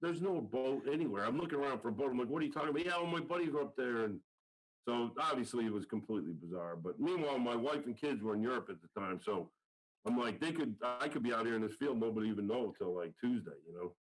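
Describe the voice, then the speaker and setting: A man's voice: medium pitch, expressive, fast, low-quality recording. A middle-aged man, a football coach, telling a story in a casual podcast interview and acting out the quoted lines. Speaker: guest, college football line coach.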